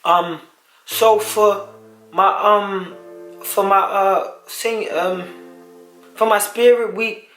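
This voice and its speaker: A man's voice: high voice, steady tone, very slow, long pauses, pushed and bright, echoey room, soft background music, heavily acted, poor audio. A man voicing his own imagined teenage son, slangy and cocky, with a put-on accent. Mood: teasing.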